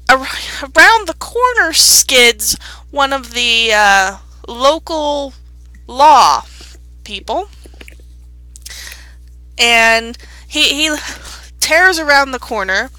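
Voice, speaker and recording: Bright-voiced, slow-talking woman game master. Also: high voice, no room sound. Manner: unhurried, descriptive, playful. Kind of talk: narrating a tabletop game.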